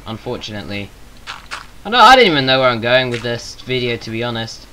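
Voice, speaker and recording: English man, southern accent, sharp bright tone, chatty self-deprecating gameplay commentator. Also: mid-range voice, sing-song, fast, a little hiss or hum, poor audio. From England. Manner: rambling, self-mocking, jokey asides. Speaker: gaming YouTuber. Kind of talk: rambling Minecraft gameplay commentary.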